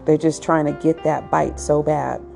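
Woman, casual rambling monologue, low voice, very gravelly, chatty asides. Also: little pitch movement, moderate pace, mellow, faint music behind. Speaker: pet owner giving advice.

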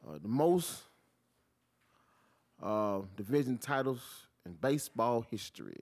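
A man, hosting his own podcast and ranting about sports in an animated, profane style. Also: takes it slowly, long pauses. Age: 40s. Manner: animated, swings from low mutter to loud outbursts, heavy cursing. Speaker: podcast host. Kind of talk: profane solo sports rant.

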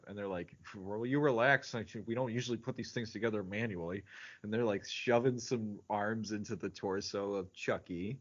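Guy on a podcast recapping a movie, laughs a lot, bit muffled audio. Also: on the low side. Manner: laughs often, does quick silly voices. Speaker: podcast co-host. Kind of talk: casual movie chat.

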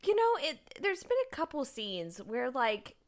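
A woman's voice: sits high, sing-song, a little slow. A woman co-hosting a casual podcast. She talks in a chatty way, uses lots of fillers and laughs easily. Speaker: podcast co-host. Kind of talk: casual chat.

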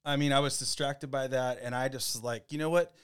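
A man co-hosting a podcast in casual chat, rambling and relaxed with plenty of fillers. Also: mid-range voice, a little fast, clean tone. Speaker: podcast co-host.

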